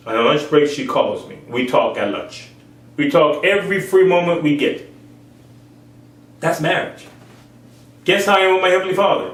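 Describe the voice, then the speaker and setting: A man preaches an informal sermon, repeating phrases for emphasis and acting out other people's voices in raised tones. His voice is mid-range and fairly bright, captured from far off in an echoey room.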